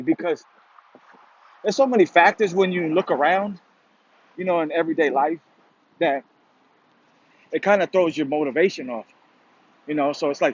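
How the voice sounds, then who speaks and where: A man with a somewhat high voice talks through a loose motivational monologue, circling his points with constant "you know"s and "pretty much"es and the odd curse. The recording is dull and lo-fi. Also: normal speed, pauses often. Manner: rambling, fillers like "you know" and "pretty much", casual swearing. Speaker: motivational vlogger. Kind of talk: casual spoken monologue. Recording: dull lo-fi sound.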